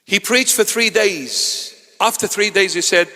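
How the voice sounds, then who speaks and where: Man, native Assyrian speaker, bishop's sermon: high voice, lively teasing delivery, long church reverb. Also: moderate pace, few pauses. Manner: animated, teasing asides to the congregation.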